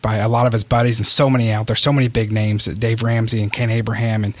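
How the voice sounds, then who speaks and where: A man's voice: on the low side, little pitch movement, fast, no room sound. Earnest male podcast host. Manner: earnest, appreciative. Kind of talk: interview conversation.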